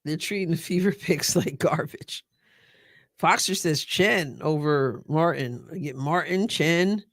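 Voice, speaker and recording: A middle-aged woman hosting a live stream, chatting casually and excitedly as she reacts to a sports draft and answers her viewers. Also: low voice, a little slow, no room sound, studio quality. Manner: chatty and excitable, thinking aloud and talking to chat viewers.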